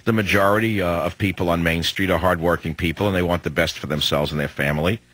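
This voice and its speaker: A man's voice: low voice, steady tone, fast, a bit bright, no room sound, poor audio. A combative talk radio host, a man in his sixties, delivering an emphatic, hectoring monologue on a studio microphone.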